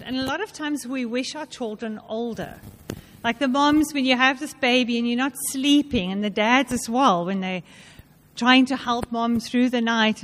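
A woman's voice: high-pitched, a bit bright. A woman speaking during a sermon, sharing personal stories in a chatty way.

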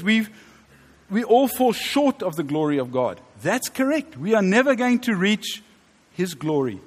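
A high-voiced man in his fifties preaches a sermon in a conversational, joking way. His voice carries through a reverberant church hall with a long tail. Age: 50s. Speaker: pastor.

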